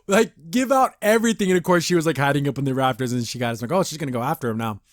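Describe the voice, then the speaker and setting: A man's voice: on the high side, fast talker, few pauses, dry recording, clean studio sound. Man casually reviewing a cartoon episode. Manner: rambling, acts out characters' lines; laughs often. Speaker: podcast host.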